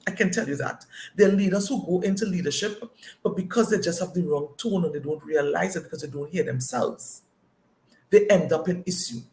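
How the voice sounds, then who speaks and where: Woman, leadership coach, emphatic, slightly gravelly, roomy echo. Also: on the low side, a little fast, a little mellow. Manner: emphatic, often checks in with "all right?". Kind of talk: recorded leadership lesson.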